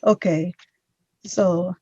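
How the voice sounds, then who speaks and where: A woman's voice: on the low side, fairly even intonation, drawn-out words, mellow, slightly rough, no room sound, lo-fi sound. A woman teaching a grammar class, patiently correcting a student and drilling pronunciation. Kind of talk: online class instruction.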